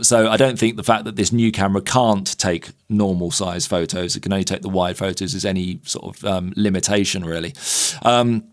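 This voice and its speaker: A man co-hosting a photography podcast, chatting casually and explaining gear at length with many fillers. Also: low voice. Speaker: podcast co-host.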